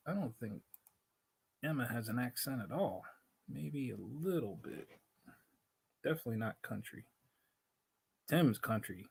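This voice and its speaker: A man's voice: medium pitch, slightly rough. A man hosting a casual livestream, rambling and interrupting himself, talking into a laptop mic, with a Spanglish accent. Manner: rambling, self-interrupting, laughs often. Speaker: livestream host.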